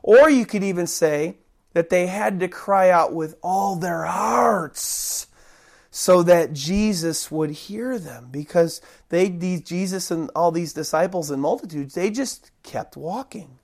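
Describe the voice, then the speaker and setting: A preacher giving a sermon, talking conversationally and acting out loud, desperate cries for help. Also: medium pitch, takes it slowly, creaky. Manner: dramatic, acts out the cries of those he preaches about; conversational, rambling restarts.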